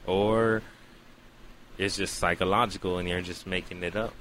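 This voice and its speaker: A man doing a calm, matter-of-fact doctor. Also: sits low, normal speed, a little hiss or hum.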